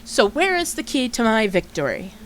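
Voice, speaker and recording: A woman streamer reading a game's dialogue aloud as an ambitious male doctor, in a measured, slightly halting way. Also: on the high side, big pitch swings, slight background noise, low-quality recording. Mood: musing.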